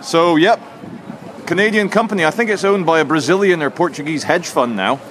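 A man tells a story to his camera in a chatty, joking way as he walks a city street. His voice sits a touch high. Faint traffic and street noise hum behind him. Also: fairly quick, a bit bright. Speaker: vlogger. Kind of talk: walking vlog to camera.

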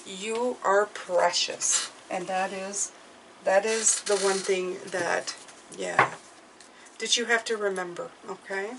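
A woman giving a tarot reading to her viewers, speaking gently and reassuringly and often checking in with "okay?". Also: medium pitch, fairly even intonation, takes it slowly, very noisy. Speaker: tarot reader.

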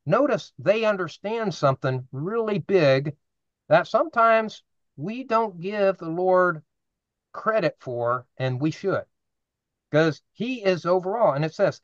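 A man's voice: high voice, lively intonation, slow, dry recording, dull audio. A man leading an informal Bible study, explaining scripture earnestly and putting questions to the group.

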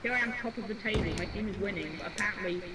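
A man's voice: high-pitched, racing, over a noisy crowd. A young man giving casual gameplay commentary, easily annoyed and rambling as he plays. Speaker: gaming YouTuber.

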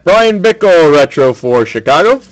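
A man hosting a sports card break, calling out each card pulled in a brisk, matter-of-fact way. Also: on the high side, big pitch swings. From Canada.

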